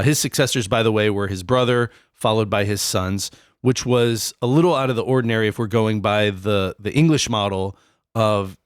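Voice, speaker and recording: A man's voice: on the low side, dry recording, clean studio sound. A man co-hosting a casual podcast, explaining history in a loose, rambling way with many fillers. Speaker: podcast co-host.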